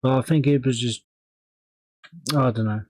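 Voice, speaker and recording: A man's voice: mid-range voice, steady tone, normal speed, darkish tone, dry recording, low-quality recording. A man hosting a music reaction video, talking in a rambling, casual way with plenty of swearing and laughter.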